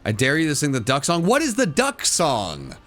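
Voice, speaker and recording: A man's voice: a little high, wildly swooping pitch, normal speed, a bit bright, faint music behind. A man streaming live to his chat, giving casual game commentary and repeating phrases as he goes. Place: home room.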